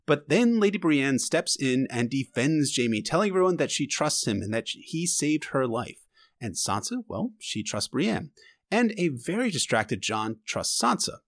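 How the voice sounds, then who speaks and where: A man recaps an episode for his podcast in loose, casual chat, his voice sitting a bit high and bouncing through a wide, animated range. He mixes wry, sarcastic asides with frank emotional gushing. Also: unhurried. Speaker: podcast host.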